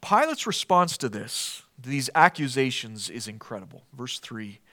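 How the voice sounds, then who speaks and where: A man's voice: medium pitch, sing-song, normal speed, sharp tone. A man preaching an expository sermon in an earnest, emphatic way, posing rhetorical questions to his listeners.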